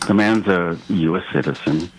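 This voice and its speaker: A man calling a radio show, earnest and a little aggrieved, speaking haltingly. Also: sits low, low-quality recording. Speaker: caller.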